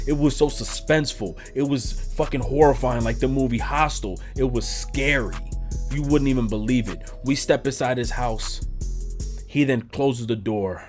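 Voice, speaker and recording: New dude ranting a story on his vlog, animated and cussing a lot, medium voice. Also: mid-range voice. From New York. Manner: profane, animated and slangy. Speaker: YouTuber.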